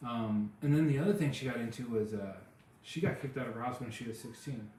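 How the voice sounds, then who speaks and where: A man tells loose, rambling stories in a casual chat, with many "like" and "um" fillers. His voice sits at an ordinary pitch. The room is very echoey. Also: fairly quick, darkish tone, slight background noise. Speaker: podcast co-host.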